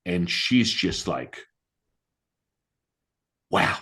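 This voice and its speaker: Male podcast guest with a lowish voice and swinging intonation, telling a story casually and emphatically and mimicking other people's voices. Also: moderate pace. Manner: animated, acts out quoted voices; conversational, emphatic. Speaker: podcast guest, Taoist master and healer.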